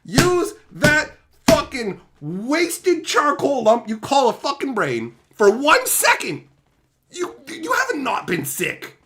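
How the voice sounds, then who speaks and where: A man's voice: very high-pitched, huge pitch swings, slow pace. Profane man ranting on a livestream. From Canada. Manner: profane, heated ranting with shouted outbursts; mocking, sarcastic. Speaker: livestream host.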